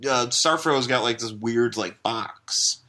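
A man's voice: medium pitch, slow, a little hiss or hum. A man co-hosting a casual comic-book podcast, rambling through the plot with jokes and restarts. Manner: rambling, restarts, lively jokey retelling. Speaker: podcast co-host.

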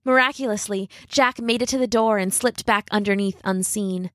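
Female narrator for a fairy-tale read-aloud, mid-pitched, expressive, close and dry sound. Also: dry recording. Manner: expressive, dramatic slowing at tense moments. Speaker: storyteller.

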